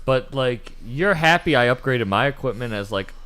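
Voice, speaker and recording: A man's voice: medium pitch, animated, normal speed, fairly bright tone, clean tone. A man in his late twenties hosting a livestream, talking casually and bluntly, swearing freely as he encourages his guest. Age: late 20s. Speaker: livestream host. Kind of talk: casual conversation.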